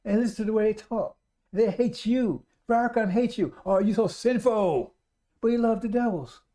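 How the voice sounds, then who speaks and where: A man's voice: high voice, fairly quick, warm tone. Emphatic, repetitive male radio preacher. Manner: repetitive, emphatic exhortation to brothers and sisters. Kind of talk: live-streamed radio sermon.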